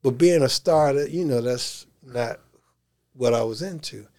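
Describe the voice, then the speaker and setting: A man, a life coach, telling stories in a casual interview; he is animated, laughs often and uses slang. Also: medium pitch, a little slow.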